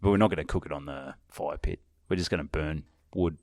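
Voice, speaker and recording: A man's voice: rumbling low, fairly quick, a little mellow, no room sound, studio quality. A man with an Australian accent, co-hosting a podcast and telling a story in casual banter. He swears freely and acts out his own reactions. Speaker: podcast co-host.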